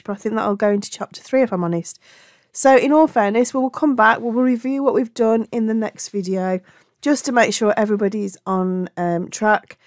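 A crochet tutorial is led by a woman with a Black Country accent from England, who chats affectionately and often corrects herself. Her medium-pitched voice has a darkish tone, in a clean studio recording with no room sound.

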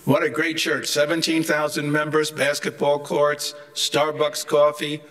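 A man's voice: on the high side, completely flat delivery, unhurried, a bit bright. An older man giving a humorous, anecdotal theology lecture, chatty and rambling, with wry joking asides.

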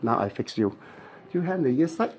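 A chiropractic therapist with a Malaysian English accent, instructing a client in clipped, playful phrases during treatment and mimicking cracking sounds. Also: male voice, mid-range voice, sing-song, moderate pace, darkish tone.

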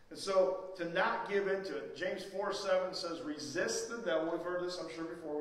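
A man preaching a sermon as pastor, emphatic and rising to loud pleading questions. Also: a little high, moderate pace. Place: church sanctuary. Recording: echoey church hall, mic far off.

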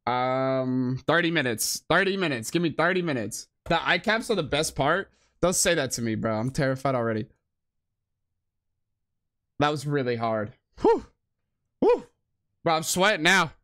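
A man's voice: on the high side, big pitch swings, moderate pace, pauses often, a bit bright. A man streaming a game live, giving casual, profane, slangy commentary and laughing often.

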